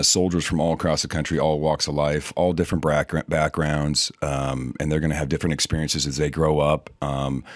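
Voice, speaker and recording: A middle-aged man, an army officer, answering interview questions earnestly, with many pauses and fillers. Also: extremely low pitch, no room sound, clean studio sound.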